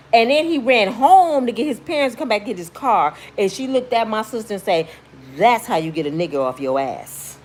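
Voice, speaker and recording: Slight background noise accompanies a medium-pitched woman vlogger telling a story. She's casual, blunt and slangy, speaking with animated emphasis and shrieking as she acts out what people said.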